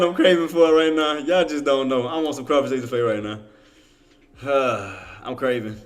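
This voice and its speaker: Excitable Cajun man livestreaming. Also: mid-range voice, normal speed. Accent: Cajun Louisiana. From Louisiana. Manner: excitable, chatty, lots of Southern slang and restarts. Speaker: livestream trading commentator. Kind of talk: casual livestream commentary.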